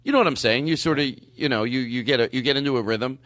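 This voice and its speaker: A man hosting a comedy podcast, coaxing and animated in casual chat, laughing often. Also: mid-range voice, fast, no echo. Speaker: podcast host.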